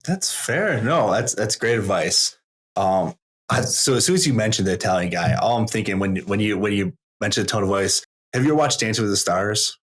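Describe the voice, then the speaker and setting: A man's voice: fairly low pitch, animated, a little fast, fairly bright tone, slightly rough. A man hosting a podcast, reacting with enthusiasm and chatting casually with his guest. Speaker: podcast host. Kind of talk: casual conversational interview.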